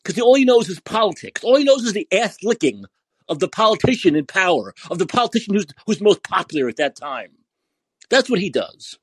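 A man hosting a podcast who rants angrily and curses, repeating himself for emphasis in a husky voice. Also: sits high, sing-song, brisk, no room sound. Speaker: podcast host. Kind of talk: angry political rant.

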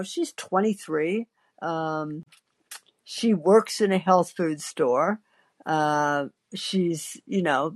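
A woman hosting a call-in podcast, telling a rambling, anecdotal story full of fillers and restarts. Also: mid-range voice. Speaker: podcast host.

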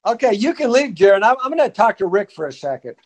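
High-voiced man spinning a rambling joke. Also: very animated, quick pace, husky. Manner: playful, rambling joke-teller. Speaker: podcast host. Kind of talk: casual chat and storytelling.

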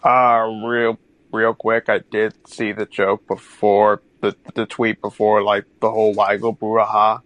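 A man's voice: fairly low pitch, level tone, unhurried, fairly bright tone, dry recording, highs cut off. A young man in his twenties, a panelist on a podcast, chatting casually and filling his speech with "like.". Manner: filler-heavy, says "like" a lot. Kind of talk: casual chat.

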